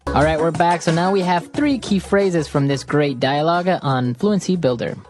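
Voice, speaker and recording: A woman's voice: low voice, normal speed, darkish tone, soft background music. A woman co-hosting an English-learning podcast, explaining vocabulary in casual chat and laughing easily. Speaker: English teacher podcast host.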